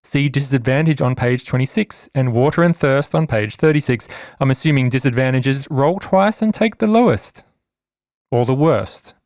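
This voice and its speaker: A man running a tabletop game, reading out the rules clearly with dry asides. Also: medium pitch, lively intonation, normal speed, darkish tone, no echo. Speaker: game master. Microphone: podcast microphone.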